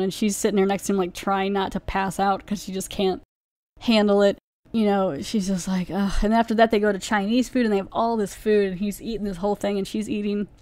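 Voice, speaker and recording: A woman's voice: mid-range voice, a little mellow, no echo. A woman hosting a podcast, casually reviewing an episode and retelling its plot in a rambling way, full of "like" fillers. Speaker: podcast host.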